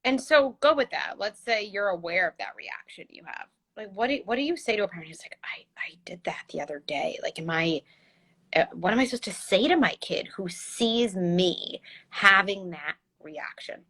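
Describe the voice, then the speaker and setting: Woman host with a bright, forceful voice, animated and explanatory; video call audio. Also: mid-range voice, normal speed. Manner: animated, explains with vivid examples. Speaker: host, parenting psychologist. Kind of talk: casual conversational interview. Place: home, recorded livestream.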